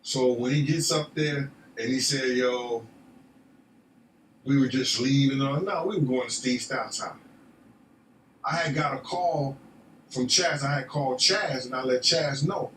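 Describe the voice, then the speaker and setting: A man's voice: mid-range voice, measured pace, a bit bright. A man telling a long street story in casual, profane talk, often asking "you know what I'm saying". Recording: echoey, distant, noisy.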